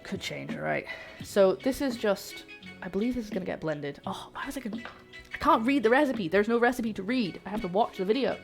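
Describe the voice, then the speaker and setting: A woman's voice: medium pitch, expressive, fairly quick, vocal fry, hardly any pauses, faint music behind. A young woman chatting casually to viewers as she cooks in her home kitchen, greeting people and joking as she goes. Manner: chatty, greets viewers warmly, jokey asides. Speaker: cooking streamer. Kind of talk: casual livestream chat while cooking.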